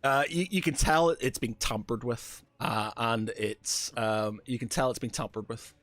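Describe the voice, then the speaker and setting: A man's voice: medium pitch, moderate pace, fairly bright tone, faint music behind. Hesitant man running a tabletop game. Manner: hesitant, full of "sort of kinda". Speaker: game master.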